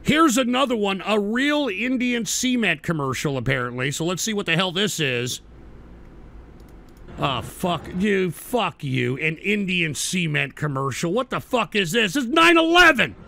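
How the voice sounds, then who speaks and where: A man's voice: high-pitched, big pitch swings, unhurried, vocal fry, sharp tone, a little hiss or hum. A man hosting a livestream who reacts to viewer clips with crude, exasperated, profanity-heavy commentary. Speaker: livestream talk show host. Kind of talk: crude casual stream commentary.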